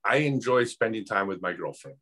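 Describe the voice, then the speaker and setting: A man's voice: lowish voice, expressive, a little fast, sharp tone. A man interviewing casually, asking short, easygoing questions.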